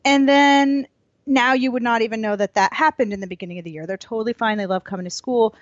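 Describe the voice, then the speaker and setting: Young woman preschool teacher, chatty co-host, bright-ish pitch, dull dry recording. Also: no room sound. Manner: chatty, lively, quick laughs. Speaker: early childhood educator, co-host. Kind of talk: casual podcast chat. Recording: slightly dull lo-fi sound.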